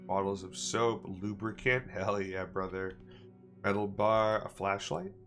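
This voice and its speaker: A man's voice: low-pitched, a little slow, a bit bright, faint music behind. A man streaming a video game, chatting casually and reading in-game text aloud with playful mock drama.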